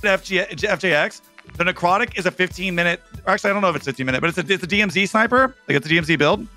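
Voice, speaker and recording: A man with a high, bright and forceful voice trades crude jokes and blunt teasing over a game's voice chat. He swears often and talks like he is among close friends. Faint music sits behind him. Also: rapid-fire. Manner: joking, profane, blunt. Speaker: streamer's teammate. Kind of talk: casual gaming voice chat.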